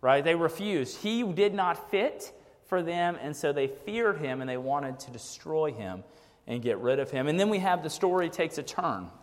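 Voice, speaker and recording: A man delivers a relaxed, talky sermon in a slightly higher register than most men. He keeps tossing in "like" and "right?" as he works through his points. His voice rings with a long reverb from a big church hall. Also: normal speed. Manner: casual, frequent "like" and "right?" asides. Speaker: pastor. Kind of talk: conversational sermon.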